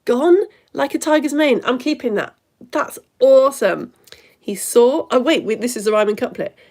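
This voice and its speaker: A woman's voice: high voice, normal speed, a little mellow. A woman teaching a live online lesson, reading viewers' comments aloud in a bubbly, exclamatory way with delighted gasps.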